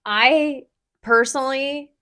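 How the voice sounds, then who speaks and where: Blunt, animated woman podcaster. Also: high-pitched, slow. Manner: blunt, animated, swears casually. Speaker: podcast co-host. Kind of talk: casual podcast chat.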